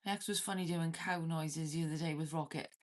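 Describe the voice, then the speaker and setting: A Welsh woman hosts a loose livestream from inside her cabin, bantering with her viewers' chat in a slightly low, steady voice at a brisk pace. She laughs a lot and swears freely without a second thought.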